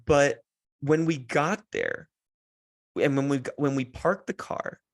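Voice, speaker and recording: A man's voice: medium pitch, big pitch swings, takes it slowly, vocal fry. A man in his thirties hosting a podcast, telling a heartfelt personal story in a rambling way with many restarts, sounding close to tears. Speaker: podcast host.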